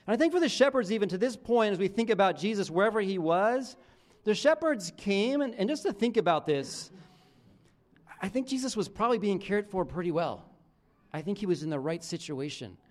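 Preaching as a pastor, this man talks loosely and restarts himself a lot. The ends of his phrases tend to sink into a soft, low murmur.

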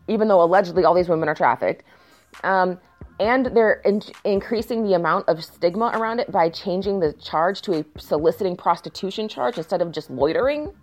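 A woman's voice: medium pitch, lively intonation, moderate pace. A woman commenting on news stories in a casual rant, reading passages aloud and breaking in with sarcasm and frequent swearing. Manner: sarcastic, swears often, shifts into mock outrage.

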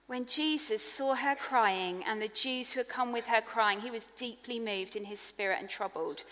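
A woman preaching a sermon in an earnest, personal way, growing hushed on tender points. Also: on the high side, moderate pace, hardly any pauses. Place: church hall. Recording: long echo of a large hall.

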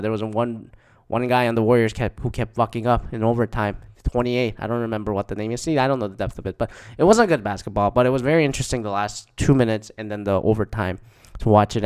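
A man's voice: lowish voice, clear, resonant tone. A man casually recounting games he went to, rambling and swearing, with lots of fillers. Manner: profane, rambling, with frequent fillers.

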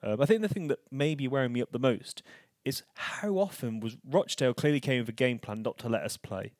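A man co-hosting a casual football podcast, rambling and animated, restarting his sentences often. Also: medium pitch, brisk, dry recording, clean studio sound. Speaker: podcast co-host.

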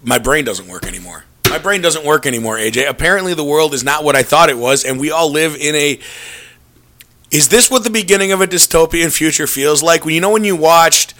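A man's voice: fairly high pitch, fairly quick, bright, forceful tone. A man hosting a casual podcast, rambling sarcastically with laughing asides. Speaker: podcast host.

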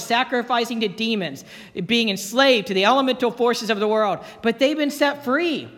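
Male pastor, high voice, earnest sermon delivery, echoes his key lines, long church reverb. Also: fairly bright tone. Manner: earnest, repeats key phrases for emphasis.

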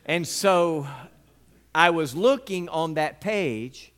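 Animated male preacher. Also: fairly high pitch, slow. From Mississippi, US. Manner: animated storyteller who acts out scenes with sound effects. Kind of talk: sermon with personal storytelling.

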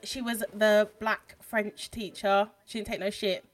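Woman on a podcast, blunt, swears a lot, lively. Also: medium pitch, a little slow. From London. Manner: blunt, animated, swears freely. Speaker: podcast co-host. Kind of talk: casual chat.

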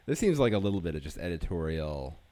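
Very deep-voiced man on a podcast. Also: sing-song, fast, dark tone, no room sound. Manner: rambling, jokey, with many fillers. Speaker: podcast host. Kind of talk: casual chat recapping a sitcom episode.

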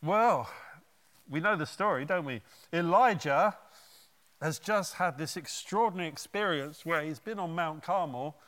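A male preacher delivers a sermon, retelling the story in an animated way with conversational asides. His voice is clear and smooth, slightly high, and paced slowly. A long reverb from a large hall hangs on every phrase.

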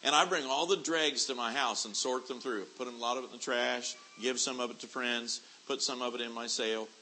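A middle-aged man preaching a sermon, moving from quiet storytelling to loud, shouted preaching. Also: medium pitch, rough recording. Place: church convention hall.

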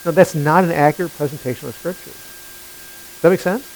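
A man's voice: a little high, fairly quick, a little hiss or hum, low-quality recording. A male pastor preaching a sermon, emphatic and constantly questioning his listeners. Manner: animated, questioning the congregation, emphatic.

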